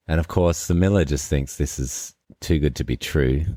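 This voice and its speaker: Very deep-voiced man telling a tale. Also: normal speed, hardly any pauses, dry recording, studio quality. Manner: retells a fairy tale in relaxed, loose phrasing. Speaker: podcast host. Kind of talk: conversational storytelling and commentary.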